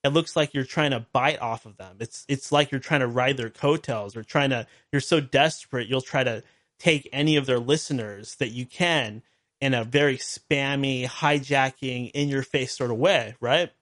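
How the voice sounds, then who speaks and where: A man's voice: mid-range voice, moderate pace, fairly bright tone. Exasperated man hosting a talk show. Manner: exasperated, rambling with frequent restarts and wry laughs. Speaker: podcast host. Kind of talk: casual storytelling monologue.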